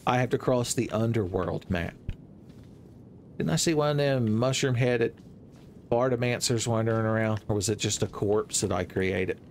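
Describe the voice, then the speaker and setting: A young man giving playful, joking commentary over his own gameplay, breaking into loud exclamations. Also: on the low side, normal speed, creaky, a little hiss or hum. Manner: playful, jokey, swings into loud shouted exclamations. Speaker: gaming video creator.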